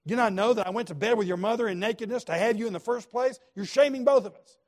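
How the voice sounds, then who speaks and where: A man's voice: high-pitched, quick pace, voice pushed up. A man voicing an enraged older king who berates his son with insults and accusations.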